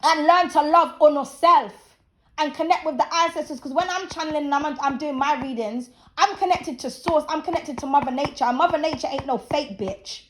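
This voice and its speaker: A woman in her thirties hosts her channel, delivering a casual, preachy opinion rant to camera with blunt profanity. Her voice is high-pitched and fairly quick, with a little hiss or hum in the background.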